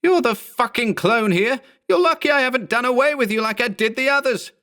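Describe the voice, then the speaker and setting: Man doing a shouting, panicked balding guy, frantic, swearing, high and strained. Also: big pitch swings, a little fast, heavily acted. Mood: frantic yelling. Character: panicked, furious balding thirty-year-old man.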